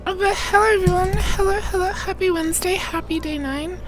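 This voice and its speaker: A woman live streamer chatting casually with viewers, greeting them by name, her throat irritated so she keeps clearing it. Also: very high-pitched, fairly quick, rough recording. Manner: greets chatters by name one after another; rambling, trailing restarts.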